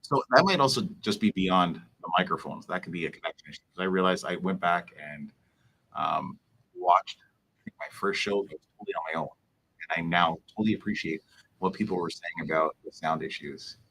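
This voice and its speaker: A man, a police officer, hosting a casual livestream Q&A, talking in a rambling, halting way full of fillers. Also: low voice, fairly bright tone, a little hiss or hum, poor audio.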